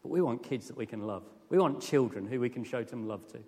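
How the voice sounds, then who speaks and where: A man preaching a sermon with earnest, lively emphasis that rises to emphatic peaks. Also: mid-range voice, fast talker. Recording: long hall reverb.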